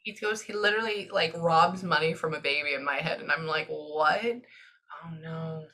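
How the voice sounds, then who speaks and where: A Texan woman giving a medium's reading in an animated, chatty way, often pausing to listen. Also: deep voice. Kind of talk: casual spoken reading session.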